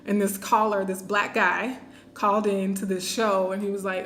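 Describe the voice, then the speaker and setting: A woman hosting a live-streamed talk, animated, laughing often and reading viewer comments aloud. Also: medium pitch, normal speed, reverberant, a little hiss or hum. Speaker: host.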